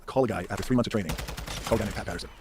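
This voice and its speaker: A man in his fifties rattles off stories at a very fast clip in a lowish voice, animated and loose with swearing. The recording carries a steady background noise. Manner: animated storyteller who swears freely. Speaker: podcast guest. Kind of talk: storytelling in a casual podcast chat.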